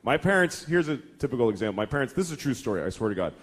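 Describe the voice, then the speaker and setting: A man's voice: medium pitch, sing-song, rapid-fire. A middle-aged man performing a profane stand-up routine, exasperated, acting out the voices of the people he quotes. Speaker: stand-up comedian. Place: comedy venue before a laughing audience.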